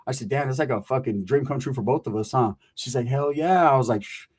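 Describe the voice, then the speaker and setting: A man's voice: mid-range voice, fast, a little mellow, breathy edge. A man telling a profane comic story, acting out the people he quotes. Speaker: storyteller comedian.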